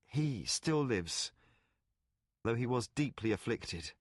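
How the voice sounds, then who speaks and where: Narrator as a weary grave magician; measured, sober, lower than the narration. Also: male voice, animated, breathy edge, dry recording, clean studio sound. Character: weary grown male magician, calm and grave.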